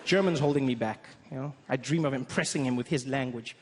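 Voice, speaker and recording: A young man from South Africa doing a stand-up comedy routine, an animated storyteller who breaks into loud impressions. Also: mid-range voice, a little fast, very noisy.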